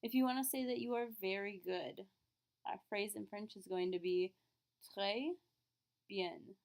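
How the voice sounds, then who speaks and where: Woman, teacher, beginner French lesson, patient explaining, mid-pitched voice. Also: moderate pace, darkish tone. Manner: clear, patient explaining, exaggerated question intonation in examples. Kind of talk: classroom lesson.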